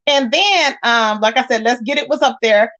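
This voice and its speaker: Sassy high-voiced woman spilling gossip. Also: normal speed, fairly bright tone, lo-fi sound. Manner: sassy, emphatic, rhetorical questions to viewers. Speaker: commentary channel host. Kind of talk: casual gossip commentary.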